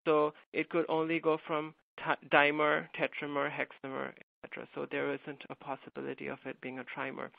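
A man's voice: a little high, completely flat delivery, brisk, gravelly, hardly any pauses, dry recording. A male graduate student answering audience questions in a hesitant way, with many fillers. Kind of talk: live Q&A answers. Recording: tinny phone-like line, dry.

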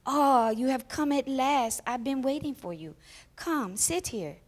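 A woman voicing a loving, patient father in a children's story, speaking softly and tenderly. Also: high-pitched, lively intonation, a little slow, pitched above the performer's own voice. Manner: soft, tender, welcoming. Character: loving, patient father waiting for his daughter.

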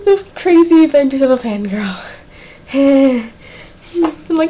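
A teenage girl rambling excitedly in a casual reaction vlog, full of "like" and dramatic outbursts. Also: high-pitched, takes it slowly, pauses often, slight background noise, rough recording. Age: teens. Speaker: fan vlogger.

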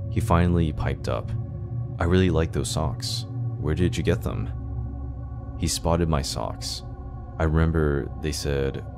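Very deep-voiced male story narrator. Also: creaky. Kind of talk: scripted horror story narration. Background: background music.

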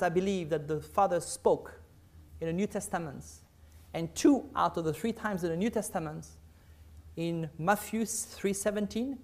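A man preaching a sermon, reading scripture aloud with emphasis and dropping to soft, murmured asides. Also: high-pitched.

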